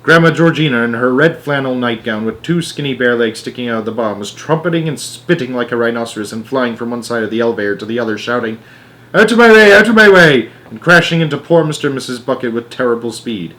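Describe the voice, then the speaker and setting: A man reading a children's storybook aloud. His voice has a medium pitch, and he narrates with expressive, animated delivery. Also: fast talker, hardly any pauses.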